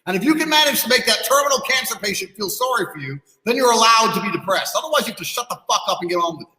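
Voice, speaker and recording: A man's voice: sits high, expressive, rapid-fire, pushed and bright. A man on a podcast ranting bluntly and profanely, lecturing his listeners. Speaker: podcast guest. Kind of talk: heated podcast rant. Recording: echoey room with long reverb.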